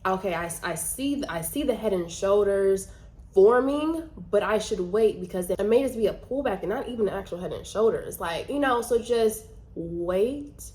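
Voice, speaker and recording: A woman's voice: mid-range voice, animated, normal speed, a little mellow. Chatty woman vlogging about trading. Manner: chatty, many "like" fillers, earnest. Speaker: vlogger and trader. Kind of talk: casual talk to camera.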